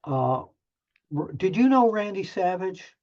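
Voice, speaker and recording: A man's voice: high-pitched, big pitch swings, a little slow. An older man, a journalist guest, telling an anecdote in a chatty, self-deprecating way with plenty of restarts. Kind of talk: animated storytelling anecdote. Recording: muffled lo-fi audio.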